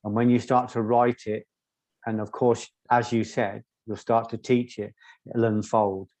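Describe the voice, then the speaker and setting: A man's voice: on the low side, flat delivery, a little slow, a little mellow. A man interviewing a guest, encouraging and thoughtful as he talks through an idea. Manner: encouraging, thoughtful, explains with a metaphor. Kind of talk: conversational interview.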